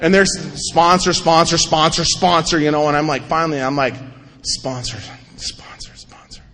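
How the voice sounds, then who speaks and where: Man from North Dakota, recovery speaker, high voice, lively storyteller, recorded in a reverberant hall. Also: brisk. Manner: animated storytelling, acts out quotes in mocking voices. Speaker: AA speaker sharing his story. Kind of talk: recovery talk to an audience. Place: event hall, on stage.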